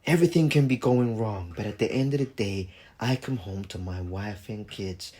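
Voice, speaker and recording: A man voicing a proud sitcom dad who talks in a slow, soft, sentimental way. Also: fairly low pitch, voice pushed down, close to an everyday voice.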